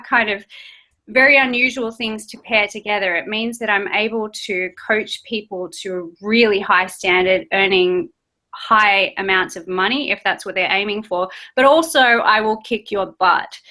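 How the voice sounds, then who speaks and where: An Australian woman speaks as the guest of an interview, a coach describing her business with an upbeat, enthusiastic drive. Her voice is bright and forward. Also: medium pitch. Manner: upbeat, enthusiastic self-promotion. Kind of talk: casual interview chat.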